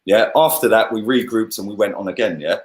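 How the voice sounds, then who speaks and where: A man's voice: on the low side, fairly quick, echoey room. Man breaking down a football match. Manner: animated, lots of "yeah?" and "bruv", laughs often. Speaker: football channel host. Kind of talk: casual fan match review on a livestream.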